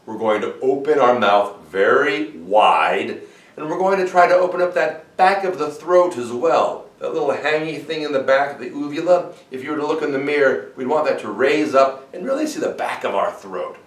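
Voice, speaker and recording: A man teaching vocal warm-up exercises as a voice coach and demonstrating the sounds himself. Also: animated, moderate pace, roomy sound, far from the mic. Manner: demonstrates sung vocal exercises, swooping high to low.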